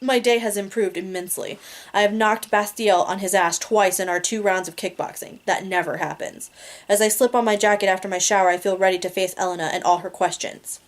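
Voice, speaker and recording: A woman's voice: medium pitch, steady tone, fairly quick. A woman reading a romance novel aloud in a casual amateur way, laughing at her own slips. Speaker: reader.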